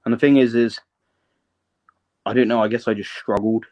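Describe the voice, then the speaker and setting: A man's voice: mid-range voice, steady tone, normal speed, a little mellow. A man, a guest in a casual live-stream interview, telling his story in a rambling, hesitant way and often checking that the listener is following.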